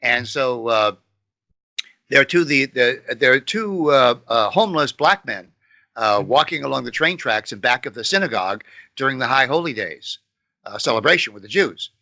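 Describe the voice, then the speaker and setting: An older man co-hosting a podcast, telling jokes in casual chat with a halting delivery full of pauses. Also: medium pitch, lively intonation, bright, forceful tone. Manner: halting storyteller with many uh fillers. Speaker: podcast co-host.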